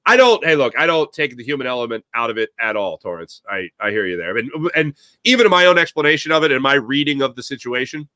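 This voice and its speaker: A man hosting a live sports talk show, giving opinionated takes and answering viewer chat in an animated way. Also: medium pitch, no echo, clean studio sound. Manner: opinionated, animated, quick asides to chatters.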